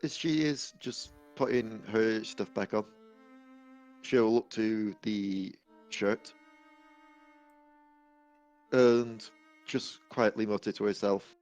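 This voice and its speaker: A man's voice: fairly low pitch, fairly even intonation, slow pace, long pauses, a little mellow, faint music behind. A man in a tabletop game, narrating his character's actions and cracking jokes. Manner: chatty, jokey. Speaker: player.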